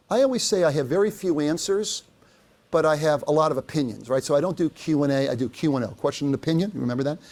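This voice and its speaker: An older man giving a business talk, telling anecdotes with quoted dialogue and asking the audience questions. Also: high-pitched. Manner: lively storytelling, quotes others, asks audience. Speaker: speaker.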